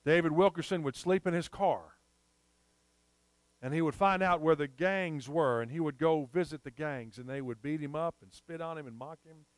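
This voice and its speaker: A male preacher tells a sermon as an emphatic story, drawing out repeated phrases in a smooth, slightly high voice at normal speed. The recording is close-miked and dry, with no room sound.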